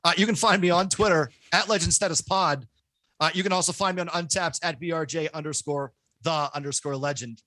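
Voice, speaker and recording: A man hosting a casual podcast chat, loud and excitable, joking at his own expense into his microphone. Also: fairly high pitch, fairly quick, no echo. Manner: loud, excitable, self-mocking. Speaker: podcast host. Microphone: home podcast microphone.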